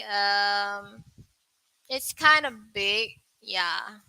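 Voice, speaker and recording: A young woman teaching an online English pronunciation lesson, asking viewers questions and repeating words slowly. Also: a little high, sharp tone, no echo, rough recording. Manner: slow, repetitive, questions to viewers.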